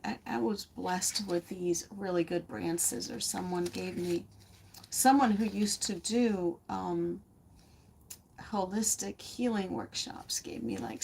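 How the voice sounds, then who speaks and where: A woman's voice: medium pitch, vocal fry, darkish tone, slight background noise. A woman giving a casual, rambling craft lesson from a home studio, laughing often as she chats with viewers. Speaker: art teacher.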